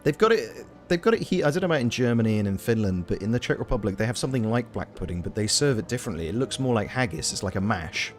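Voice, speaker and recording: A man's voice: medium pitch, lively intonation, fast talker, few pauses, faint music behind. A Welsh man chatting casually with his live chat while streaming a video game, rambling through playful tangents. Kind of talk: casual live gameplay commentary.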